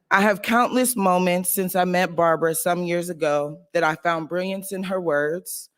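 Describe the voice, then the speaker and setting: A man's voice: fairly high pitch, fairly bright tone. A man speaking on a symposium panel, delivering a prepared tribute speech in a rhythmic, list-building style with playful asides. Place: university event hall.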